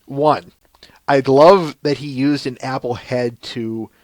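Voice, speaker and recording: A man's voice: medium pitch, fairly even intonation, slow pace, a little mellow, no echo. A man with a Minnesotan accent hosting a casual live-stream podcast, chatty and laughing, often restarting his sentences. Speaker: podcast host.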